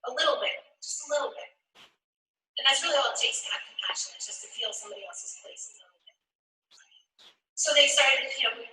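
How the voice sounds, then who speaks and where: Earnest woman with a bright, sharp voice. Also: fairly high pitch. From New York. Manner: earnest, heartfelt, conversational. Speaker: speaker sharing a personal story. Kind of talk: personal storytelling speech. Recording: echoey room, voice from a distance.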